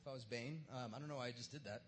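A pastor giving a sermon at a church service in a casual, joking way, with plenty of slang. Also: male voice, medium pitch, rapid-fire, slight background noise. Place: church service in front of a live crowd.

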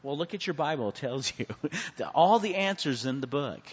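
A man with a fairly high voice, teaching a Bible class. He preaches in swings between hushed and loud and keeps asking the room for answers. His voice rings with a long reverb, and the sound is a bit muffled. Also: expressive, normal speed, slightly rough. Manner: asks the class questions and calls on people. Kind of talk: Bible study sermon.

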